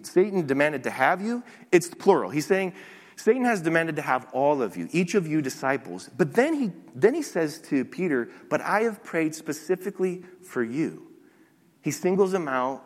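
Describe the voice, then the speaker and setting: A man preaching a sermon as a pastor, teaching lively with occasional restarts. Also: fairly high pitch, long reverb tail. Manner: animated preaching with some restarts.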